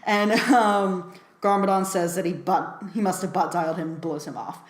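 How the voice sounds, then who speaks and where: A woman's voice: fairly low pitch, steady tone, normal speed, echoey room. A woman giving a casual film review, talking chattily with lots of fillers and frequent laughs.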